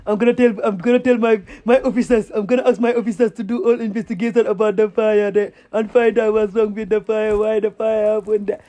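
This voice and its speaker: A woman imitating a pompous male president who gives hollow, halting official apologies. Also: high-pitched, flat delivery, mellow, close to an everyday voice. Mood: mock-solemn. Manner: mock-formal, halting.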